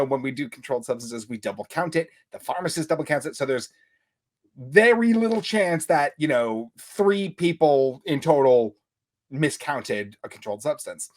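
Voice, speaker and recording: Animated young man co-hosting a podcast. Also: mid-range voice. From Long Island, New York. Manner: animated, laughs often, quick storytelling. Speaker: podcast co-host. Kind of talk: casual chat. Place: home room.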